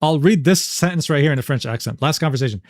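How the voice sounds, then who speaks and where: Reading screenshots and messages from a drama on a casual stream, a man peppers his commentary with exasperated, sarcastic swearing. His voice is on the high side with a darkish tone, and he speaks fast. It's studio quality with no room sound.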